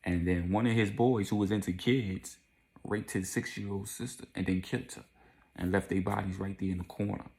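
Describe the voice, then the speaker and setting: A man with a deep, gravelly voice telling a story casually. He is animated, repeats lines for effect and drops in vocal sound effects. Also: brisk.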